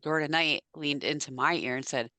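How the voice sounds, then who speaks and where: A woman with a low voice that still has a bright, forceful edge tells animated stories in casual podcast chat, swearing freely. The sound is dry and close. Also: normal speed, no room sound. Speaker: podcast co-host.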